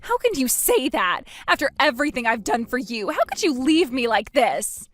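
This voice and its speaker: A woman's voice: very animated, normal speed, fairly bright tone, soft background music, full character voice. A woman voicing a desperate, self-pitying sister-in-law. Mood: indignant. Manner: pleading, whiny, pitch jumps high. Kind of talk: storybook narration.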